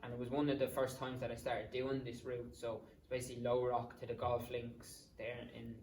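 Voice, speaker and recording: A man's voice: mid-range voice, monotone, a little mellow, a little hiss or hum. Irish guy in his twenties, casual guest yarn, rambling and salty, mic set back in a roomy space. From Ireland. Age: 20s. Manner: rambling, swears freely, quick asides. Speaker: podcast guest. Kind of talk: casual storytelling. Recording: roomy sound, distant mic.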